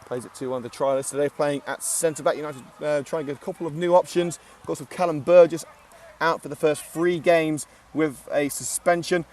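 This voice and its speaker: A man's voice: on the high side, fairly even intonation, normal speed, a little mellow, recorded from a distance, slight background noise. A man giving casual live commentary at an outdoor football ground, chatty and joking with lots of filler "uh"s. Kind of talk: live amateur match commentary.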